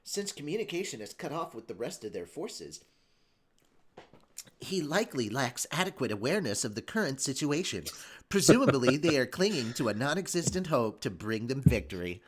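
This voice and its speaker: A man's voice: medium pitch, normal speed, pitched below the performer's own voice. A man voicing a cold, clipped assistant intelligence. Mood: clinical. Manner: flat, clipped, ruthless.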